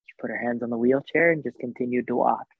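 A man casually recounting a personal story, acting out the dialogue in an animated way and using plenty of fillers. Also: medium pitch, fast talker, creaky, breathy edge, no echo. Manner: animated retelling with reported dialogue, many fillers. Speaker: guest telling a personal story. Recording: thin phone-like dry sound.

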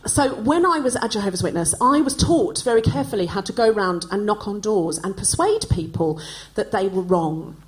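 A woman in her forties, from Australia, hosting with an animated, self-mocking stand-up monologue on a live stage. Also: mid-range voice, low-quality recording. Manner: animated, self-mocking storytelling with quick asides. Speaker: host. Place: live stage before an audience.

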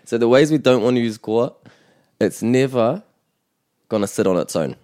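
A man hosting a bilingual language lesson, explaining in a measured way with small restarts. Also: mid-range voice, expressive, dark tone, no room sound, clean studio sound. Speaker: te reo Māori teacher and podcast host.

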